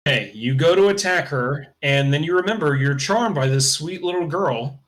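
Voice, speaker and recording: A man's voice: fairly high pitch, animated, moderate pace, fairly bright tone. Casual male game master narrating. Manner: casual, loose narration with fillers like "kinda" and "uh".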